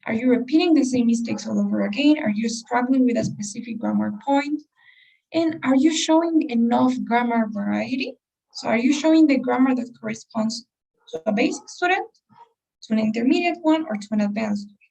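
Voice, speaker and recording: A woman's voice: a little high, brisk, vocal fry, mellow, far from the mic, poor audio. A woman teacher giving a class lecture to her students, explaining step by step with many rhetorical questions.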